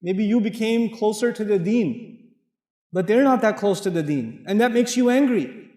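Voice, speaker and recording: Animated man lecturing in an echoey hall. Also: sits high, moderate pace. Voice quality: animated, jokey storytelling with laughs. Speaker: preacher. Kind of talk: lecture on the Quran.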